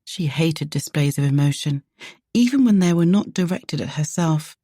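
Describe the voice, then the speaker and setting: A woman narrating a romance audiobook in a measured, even way. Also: low voice, dry recording, clean studio sound.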